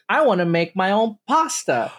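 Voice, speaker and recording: Brief: young male podcast co-host, lively swings in pitch, swears, acts out dialogue in silly voices. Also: slow. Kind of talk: casual chat.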